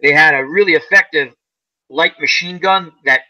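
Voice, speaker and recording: A man's voice: on the high side, moderate pace, sharp tone. A man hosting a casual chat, rambling through a movie plot and acting out its lines. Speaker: channel host. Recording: dull lo-fi sound.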